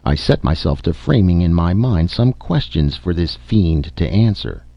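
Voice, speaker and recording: A man's voice: sits low, lively intonation, a little slow, creaky, dry recording, highs cut off. A man narrating a classic story in a dramatic, theatrical audiobook reading.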